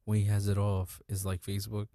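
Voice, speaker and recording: A laid-back man co-hosting a casual podcast who drops dry jokes. His voice is on the low side. The recording is dry and close. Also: completely flat delivery, brisk, mellow, no echo. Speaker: podcast co-host. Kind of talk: casual chat.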